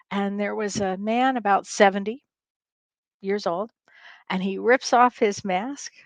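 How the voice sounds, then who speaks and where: A woman's voice: medium pitch, no room sound. Chatty woman host, dry close sound. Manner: chatty storyteller, laughs often, rambling restarts. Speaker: spiritual medium host. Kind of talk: casual livestream chat. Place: home livestream. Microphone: webcam or streaming mic.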